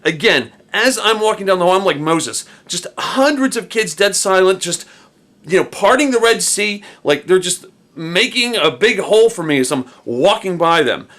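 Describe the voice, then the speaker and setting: A middle-aged man casually telling a story about his own past, animated and slangy, tossing in "dude" and "man". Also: high-pitched, normal speed.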